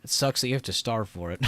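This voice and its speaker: This young man has a mid-range voice with a fairly bright tone and no echo. Hosting a live trading stream, he's chatty, reading the chat aloud and laughing often.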